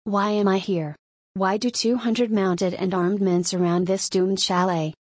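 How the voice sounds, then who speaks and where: A calm and ironic king, voiced by a woman reading the story aloud, speaks in a slow, measured, deliberate way. His voice sits at an ordinary middle pitch. The sound is dry, with no room around it. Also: dry recording, lightly acted. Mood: stern. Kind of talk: audiobook reading.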